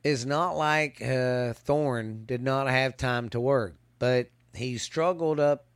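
Halting, slow-talking man previewing football. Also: mid-range voice, clear, resonant tone, no echo. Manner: halting, stumbles and restarts while reading stats. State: hiccups. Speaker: podcast host. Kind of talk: casual sports preview commentary. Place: hot outdoors.

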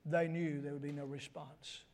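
An older man preaching a sermon, moving between quiet asides and sudden high, shouted emphasis. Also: level tone, normal speed.

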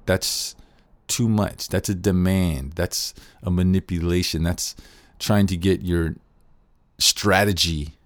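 A man's voice: sits low, darkish tone, no room sound, studio quality. A man giving an earnest, casual spoken lesson on nonviolent communication, thinking aloud with frequent restarts.

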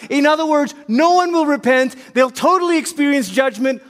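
A male pastor delivers an animated sermon, acting out quotes as he tells the stories. His voice sits high for a man. A long reverb from the church hall trails each phrase. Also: moderate pace.

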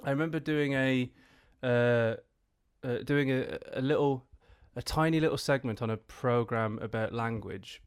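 A man from the Black Country with a Black Country accent, a comedian chatting as a podcast guest, halting with many restarts and easy laughs. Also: medium pitch, clean tone. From Black Country, England. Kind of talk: casual podcast chat.

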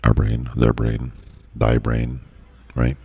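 A man's voice: rumbling low, monotone, slow, gravelly, darkish tone, husky. A man hosting a casual live stream, laid-back and easygoing. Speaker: host. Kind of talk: casual chat.

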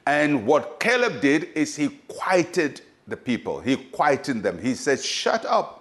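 A man's voice: mid-range voice, very animated, slow. A male pastor giving a short devotional sermon, emphatic and repetitive, urging listeners on. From Ghana. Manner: emphatic, repetitive exhortation with acted quotes.

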